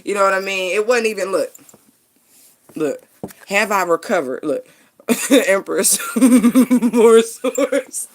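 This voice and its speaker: A woman's voice: mid-range voice, slow pace. A middle-aged woman vlogging, telling stories casually in a loose, playful way and laughing often. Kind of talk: casual storytelling monologue.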